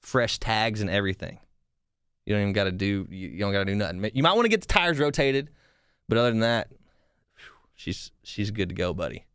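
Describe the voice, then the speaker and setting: A young man hosting a podcast, telling a story in a rambling, animated way with frequent swearing and restarts. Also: lowish voice, brisk, pauses often, clean tone, dry recording, clean studio sound. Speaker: podcast host. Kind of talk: casual storytelling.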